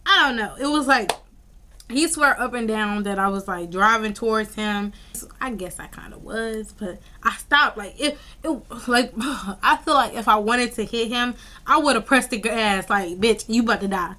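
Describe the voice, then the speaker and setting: A young woman vlogger telling a story in a casual, animated way, full of slang and fillers. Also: on the high side, unhurried.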